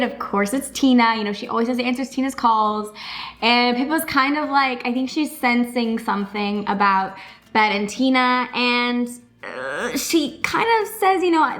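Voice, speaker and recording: A woman's voice: fairly high pitch, a bit bright. A young woman hosting a casual reaction recap, gushing and rambling with lots of fillers. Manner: gushing, rapid, full of fillers like "like" and "you know". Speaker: YouTube reaction host.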